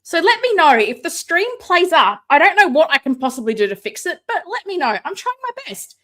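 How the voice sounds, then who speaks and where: A woman hosting a live stream from home, chatting casually, excitable and sarcastic, sometimes shouting. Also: extremely high pitch, brisk. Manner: excitable, sarcastic, loud at times. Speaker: livestream host. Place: home room with ring light. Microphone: no mic close by, computer setup.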